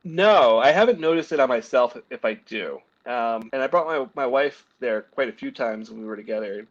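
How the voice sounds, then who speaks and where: A man's voice: mid-range voice, animated, moderate pace. Casual guest: a man from New Jersey, joking and easygoing, trailing into fillers. Sounds like a muffled video call. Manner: laid-back, jokey, trails off with fillers. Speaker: guest comic artist. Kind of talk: casual chat.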